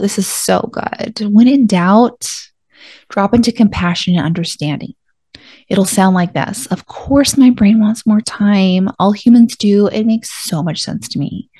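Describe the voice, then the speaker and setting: A woman's voice: medium pitch, darkish tone, no echo. A woman life coach talking through a podcast monologue in a conversational way, often acting out her own self-talk.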